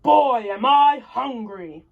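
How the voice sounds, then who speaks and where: This is a grumpy giant husband, voiced by a woman from a read-aloud storybook. He talks in a slow, booming grumble, with a voice set a little high. He sounds fed up and always hungry. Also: expressive, gravelly, narrow, tinny audio, exaggerated voice.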